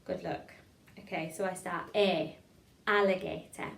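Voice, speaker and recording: A woman with a lowish, creaky, steady voice keeps a measured pace as she teaches an online drama improvisation lesson. She stays encouraging and chatty, laughing at her own fumbles; the mic is distant and the room echoes.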